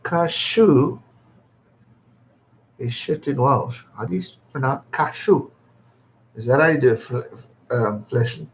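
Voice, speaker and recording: A man's voice: mid-range voice, animated, slow, pauses often, slight background noise. A man in his twenties from England, hosting his birthday livestream, chatting casually, reading out viewer comments, laughing often and swearing freely. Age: 20s. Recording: slightly dull lo-fi stream audio.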